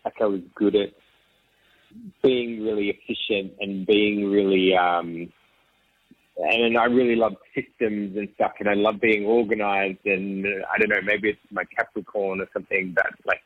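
Husky man on a tinny line. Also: on the low side, fairly even intonation, normal speed, no room sound. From Australia. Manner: rambling with frequent restarts and soft laughs. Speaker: interview guest. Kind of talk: casual conversational storytelling. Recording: tinny phone-like line, dry.

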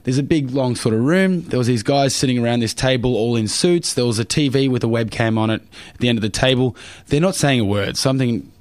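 Fields: quick-talking young Australian man, dry sound. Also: medium pitch, a little mellow, no echo. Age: young adult. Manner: cheeky, jokey anecdotes with many fillers. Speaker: guest, Paralympic swimmer. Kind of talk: casual interview storytelling.

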